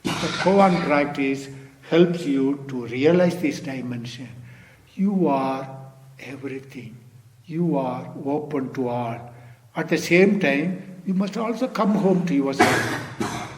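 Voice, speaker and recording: An older man giving an unhurried Zen dharma talk, often saying "you see". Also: medium pitch, long reverb tail. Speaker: Zen teacher.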